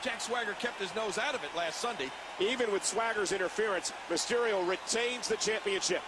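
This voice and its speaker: A man voicing a recorded play-by-play wrestling commentator in a video game, calm and scripted. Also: high-pitched, brisk, natural voice. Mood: even. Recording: noisy game audio from a distance.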